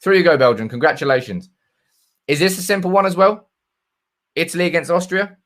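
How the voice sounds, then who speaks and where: A man's voice: on the high side, fairly quick, fairly bright tone. A man hosting a live football stream, chatting casually and reading out viewers' comments. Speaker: football channel host.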